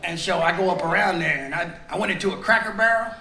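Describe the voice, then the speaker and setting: Speaking fast in a high voice, a middle-aged comedian works the crowd from the stage of a large theater aboard a cruise ship. His mic picks up the echoey hall and the audience's loud laughter.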